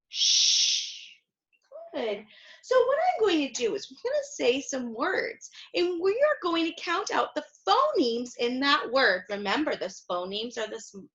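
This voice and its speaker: A woman teaching a phonics lesson to young children, speaking slowly and clearly, sounding words out and praising often. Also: high voice, fairly bright tone. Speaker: kindergarten teacher. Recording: slightly dull, lo-fi sound.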